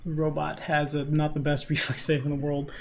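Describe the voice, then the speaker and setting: Chatty higher-voiced man running a game. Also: brisk, creaky. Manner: relaxed, chatty narration with casual fillers. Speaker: game master. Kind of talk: narrating a tabletop game over voice chat.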